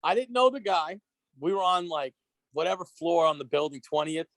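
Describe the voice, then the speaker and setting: A man telling a story on a casual podcast, animated and profane, acting out the dialogue. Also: fairly high pitch, moderate pace, no echo. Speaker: guest.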